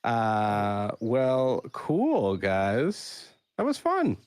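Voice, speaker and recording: A man running a tabletop role-playing game as game master, narrating with many pauses and restarts. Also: medium pitch, wildly swooping pitch, darkish tone, clean tone, dry recording. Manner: halting, many ums and restarts.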